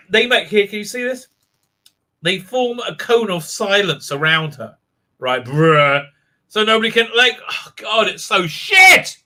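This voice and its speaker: A man's voice: high-pitched, sing-song, takes it slowly, bright, forceful tone. A male host giving a rambling, mocking recap with many ums and uhs. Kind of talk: sarcastic live show recap.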